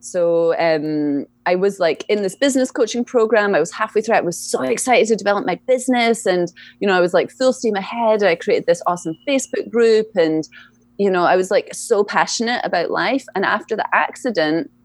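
A woman's voice: mid-range voice, fairly quick, no room sound. A young woman talking casually as an interview guest, chatty and laughing often, with many fillers. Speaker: guest, EFT practitioner.

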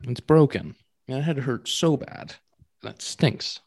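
A man co-hosting a podcast, chatting casually and telling animated stories, repeating words for emphasis. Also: mid-range voice, measured pace, vocal fry, husky. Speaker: podcast co-host, pro baseball player. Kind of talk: casual chat.

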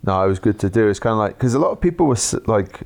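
A man's voice: fairly low pitch, animated, very fast, vocal fry, darkish tone. A Welsh man hosting a podcast, chatting in an easygoing, matey way and laughing often. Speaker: podcast host. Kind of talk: casual chat.

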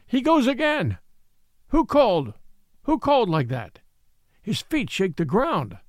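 A man voicing a merry, passionate young woman who cries out excitedly, in an English accent, in an audiobook reading. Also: on the high side, a little slow, no room sound, studio quality, voice pushed up.

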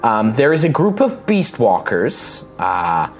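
A man narrates a tabletop game as its game master, his pitch rising and falling a lot. Faint music plays behind him. He sometimes slips into a Southern drawl as he describes the crew. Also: slow, few pauses. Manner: lively, voices characters, slips into a Southern drawl.

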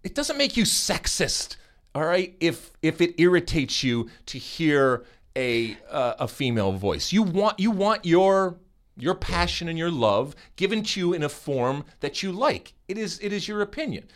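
Animated American man hosting a podcast. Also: on the high side, normal speed. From United States. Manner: animated and teasing, with many restarts. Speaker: podcast host. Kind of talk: casual podcast chat.

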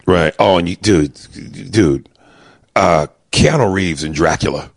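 A man, a stand-up comic co-hosting a podcast, talking in casual, animated chat, swearing freely and mimicking people as he tells stories. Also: deep voice, measured pace, husky.

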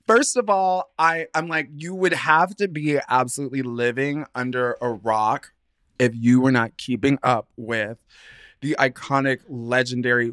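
A playful man co-hosts a fashion podcast and keeps the talk loose and chatty. He giggles often as he speaks. His voice sits at a middling pitch and sounds dry and close. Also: fairly bright tone, dry recording. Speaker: podcast co-host. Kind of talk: casual fashion podcast chat.

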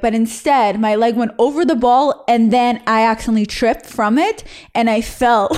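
Bubbly, bawdy young woman host. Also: on the high side. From Israel. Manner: animated, candid and bawdy, laughs often. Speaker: host reading listener stories. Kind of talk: casual reaction chat.

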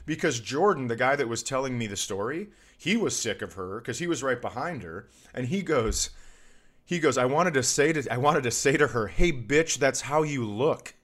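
A man hosting a podcast, telling a crude, animated story about a rough comedy show and mocking hecklers in put-on voices. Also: mid-range voice, normal speed. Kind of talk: casual storytelling chat.

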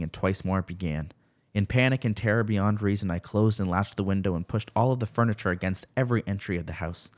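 A young man narrating a horror story slowly and steadily, raising his voice for the shouted lines. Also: low-pitched. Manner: slow, measured storytelling with shouted character lines. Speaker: podcast host reading a creepypasta.

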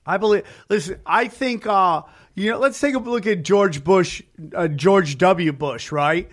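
Podcast host: high-voiced man, animated and joking, quick asides. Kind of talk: casual chat.

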